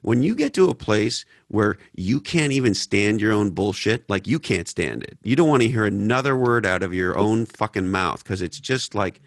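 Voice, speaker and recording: A man's voice: lowish voice, expressive, moderate pace, creaky, few pauses, no echo, studio quality. A man from Canada hosting a podcast Q&A, blunt and profane, telling stories in a casual way. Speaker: podcast host. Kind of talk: casual Q&A talk.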